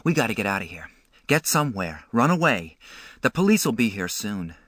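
A man's voice: lowish voice, very animated, brisk, a bit bright, no echo, clean studio sound. A man reading a nervous teenage boy on the run, speaking urgently in a storybook reading.

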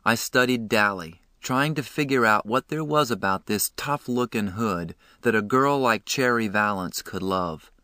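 A man narrating a novel in the first person, steady and storytelling. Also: on the low side, no room sound, clean studio sound. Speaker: audiobook narrator.

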